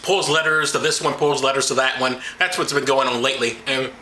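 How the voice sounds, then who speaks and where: Sarcastic man with a very bright voice. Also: mid-range voice, fairly even intonation, brisk, a little hiss or hum. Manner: mocking, rambling, sarcastic. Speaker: vlog host. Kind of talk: sarcastic comedic Bible reading. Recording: roomy echo.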